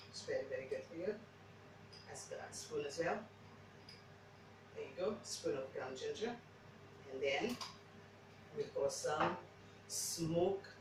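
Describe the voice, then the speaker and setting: This home cook, who learned English as a second language, chats her way through a kitchen demo, wandering off track and restarting often. Her low voice is very echoey, picked up far from the mic with a noisy backdrop.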